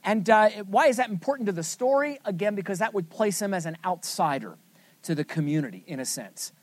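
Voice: medium pitch, lively intonation, brisk, no echo. A Bible study teacher leading a scripture lesson, asking the group questions and then answering them with emphasis.

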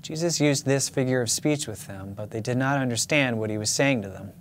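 A man pastor giving a sermon, speaking in a measured, earnest way and reading scripture aloud. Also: mid-range voice, slight background noise.

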